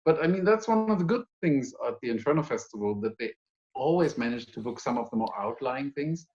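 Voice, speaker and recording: A man co-hosts a music podcast from home in the evening, chatting loosely about gigs. He talks easily and swears in passing, at an ordinary male pitch. His voice comes through a video call with dull, muffled audio. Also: animated, fairly quick, darkish tone. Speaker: podcast co-host, music journalist. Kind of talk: casual chat about music.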